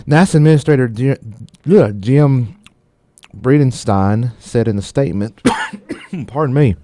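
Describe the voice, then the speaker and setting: A man's voice: mid-range voice, a little slow, warm tone, no room sound. A man co-hosting a radio tech show, reading news stories aloud and often tripping over words and joking about it. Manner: stumbles over words and laughs at himself. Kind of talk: casual radio news chat.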